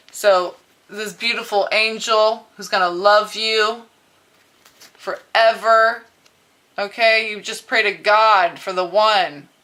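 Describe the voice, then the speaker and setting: A woman's voice: medium pitch, pushed and bright. A woman giving a casual, chatty spiritual tarot reading straight to her viewers, laughing often and swearing freely. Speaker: tarot reader.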